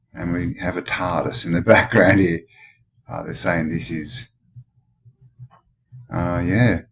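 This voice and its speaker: Deep-voiced Australian man musing aloud. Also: lo-fi sound. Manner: rambling, musing, full of questions. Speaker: channel host. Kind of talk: casual commentary over old photos.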